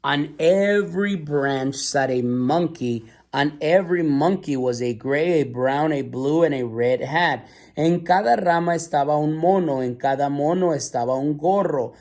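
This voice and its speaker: A man's voice: a little high, normal speed, a little mellow. Man reading a storybook aloud. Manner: asks listeners questions, patient and teacherly. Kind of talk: bilingual storybook read-aloud.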